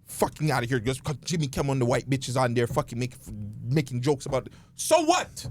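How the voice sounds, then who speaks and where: Man co-hosting a podcast; scornful, cursing rant, pitch leaping up and down. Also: very animated, a little fast, darkish tone. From Toronto, Canada. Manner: profane, ranting, scornful. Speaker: podcast co-host. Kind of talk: heated casual podcast rant.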